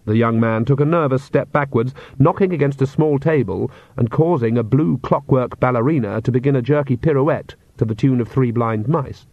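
A man narrates a comic fantasy book aloud, measured and wry. The read is close and dry, with a slightly dull, muffled tone. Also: mid-range voice, warm tone, no echo. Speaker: audiobook narrator. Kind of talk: scripted narration.

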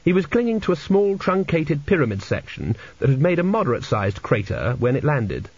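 Man reading a storybook aloud, dry and measured, husky voice, dull lo-fi sound, dead dry room. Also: on the high side, big pitch swings, a little mellow, no room sound. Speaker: audiobook narrator. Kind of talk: scripted narration.

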